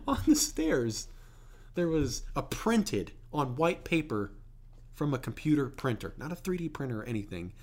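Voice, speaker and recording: Man, podcast co-host, lively up-and-down delivery, casual and profane. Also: medium pitch, unhurried. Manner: animated, swearing, laughing often. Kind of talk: casual chat.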